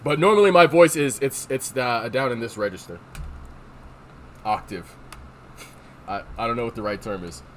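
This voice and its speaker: A man's voice: mid-range voice, moderate pace, pauses often, a little hiss or hum. Rambling, profane male streamer. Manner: rambling, profane, reads chat aloud. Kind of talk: casual livestream chat. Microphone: desk microphone.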